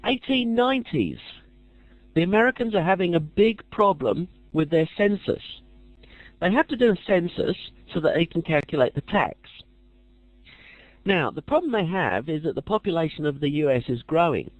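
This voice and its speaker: Chatty man teaching a class, animated delivery, dry humour, muffled close dry recording. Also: fairly high pitch, moderate pace, dry recording. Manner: chatty with dry jokey asides. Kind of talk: casual lecture.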